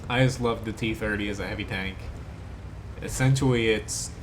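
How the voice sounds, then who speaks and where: A man's voice: lowish voice, steady tone, moderate pace, noisy background. A man from South Jersey with an American accent, chatting casually as he streams a game live and answers his chat. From South Jersey, USA. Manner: laid-back, chatty, answers chat between plays. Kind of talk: live gameplay commentary.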